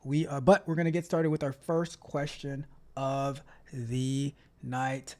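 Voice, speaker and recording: A man's voice: medium pitch, flat delivery, takes it slowly, darkish tone. A man hosting a live stream, chatting casually, reading out chat messages and repeating himself as he talks. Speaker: livestream host.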